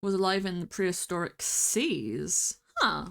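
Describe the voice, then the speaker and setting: A woman streamer rambling through casual gameplay commentary, talking to herself with bursts of excited exclamations. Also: fairly low pitch, slow, gravelly. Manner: chatty, rambling self-talk with excited exclamations. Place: home streaming setup.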